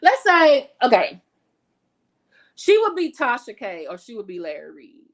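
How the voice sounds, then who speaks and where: Blunt, chatty woman commentator, higher voice. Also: huge pitch swings, a little slow. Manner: blunt and profane, talks with her hands in her words; chatty, with many fillers and self-corrections. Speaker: commentary channel host. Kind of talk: casual gossip commentary.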